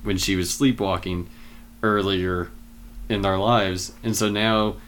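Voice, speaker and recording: Low-voiced man retelling a movie. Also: slow pace, slight background noise. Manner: relaxed, retells scenes with many "like"s. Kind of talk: casual film discussion.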